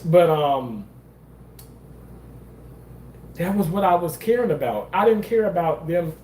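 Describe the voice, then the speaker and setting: A man's voice: fairly high pitch, expressive, measured pace, a little mellow, reverberant, a little hiss or hum, poor audio. Candid man telling a story. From Mississippi. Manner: candid, swears freely, rambling with restarts. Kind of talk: casual storytelling monologue.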